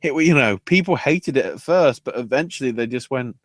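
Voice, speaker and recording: A man's voice: medium pitch, lively intonation, brisk, dry recording. A man co-hosting a podcast in casual, profane chat, often acting out quoted lines. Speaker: podcast co-host.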